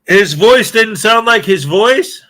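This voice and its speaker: A man's voice: high-pitched, animated, takes it slowly, pushed and bright. Chatty man hosting a morning stream. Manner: rambling, self-deprecating, chatty. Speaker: live-stream host. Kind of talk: casual morning live-stream chat.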